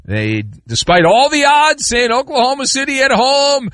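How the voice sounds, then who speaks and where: Middle-aged guy on sports radio, lively bright voice, rambling sarcastic rants, dry close mic. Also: very high-pitched, normal speed, no room sound. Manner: animated, rambling, sarcastic rants with mock outrage. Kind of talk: sports talk radio with live ad reads.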